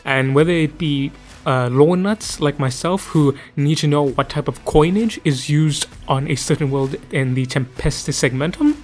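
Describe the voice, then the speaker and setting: Rambling, jokey man hosting lore videos. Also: on the high side. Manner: rambling, jokey, self-deprecating, enthusiastic. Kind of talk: casual lore explainer.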